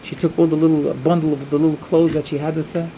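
A man telling a religious folk tale in the first person, slow and dramatic at times. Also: a little high, level tone, background noise. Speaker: storyteller.

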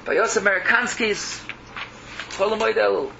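A man's voice: high-pitched, animated, a little fast, vocal fry. A man preaching in English mixed with Yiddish and Hebrew terms, emotional and repetitive, swinging between cries and murmurs. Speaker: rabbi. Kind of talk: Yiddish-laced sermon. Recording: muffled lo-fi recording with background noise.

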